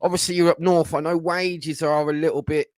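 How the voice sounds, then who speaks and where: A man's voice: on the high side, fairly even intonation, brisk, no echo. A middle-aged man, hosting a casual livestream and telling loose stories in a blunt, sweary way. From England. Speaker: livestream host.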